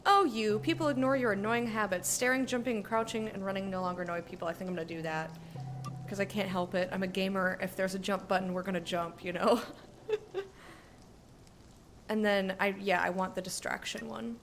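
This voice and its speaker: A woman's voice: medium pitch, fairly even intonation, brisk, a bit bright, slight background noise. A young woman casually commenting on her gameplay, chatty, swearing and humming along. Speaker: gamer streamer. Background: game music.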